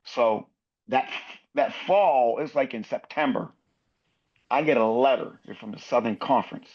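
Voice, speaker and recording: A man's voice: mid-range voice, a little slow, dull audio. A man in his sixties, a basketball referee, telling anecdotes in a podcast interview and acting out other people's lines.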